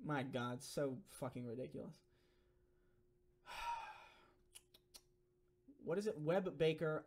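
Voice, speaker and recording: A young man chatting on a live stream, reading out viewer donations and answering questions. He rambles, swears freely and leans on fillers, in a voice sitting slightly high. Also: takes it slowly, long pauses, a little mellow.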